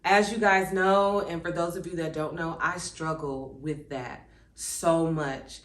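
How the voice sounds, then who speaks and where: A woman's voice: low-pitched, steady tone, unhurried, reverberant. A woman hosting her own channel, talking reflectively and conversationally about her family and now and then reading passages aloud. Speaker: channel host. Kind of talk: personal vlog talk.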